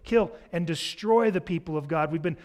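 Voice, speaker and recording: A man's voice: fairly high pitch, moderate pace, darkish tone, highs cut off. A man preaching a sermon, explaining a scripture passage in a conversational way. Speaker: pastor.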